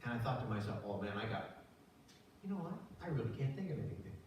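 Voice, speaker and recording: In a church sanctuary, an older male pastor with a medium-pitched voice preaches at a quick pace, conversational and animated, voicing the characters in his stories. The recording comes from afar in a very echoey church, with slight background noise.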